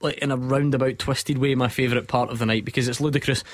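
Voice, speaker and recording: A man's voice: mid-range voice, steady tone, fast, dry recording. A man hosting a sports radio phone-in, chatty and jokey, often breaking into laughter.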